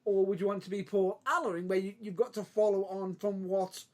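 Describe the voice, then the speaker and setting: A man's voice: sits high, fairly even intonation, brisk, slight background noise. A man co-hosting a casual wrestling podcast chat, rambling and laughing, restarting his sentences. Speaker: podcast co-host.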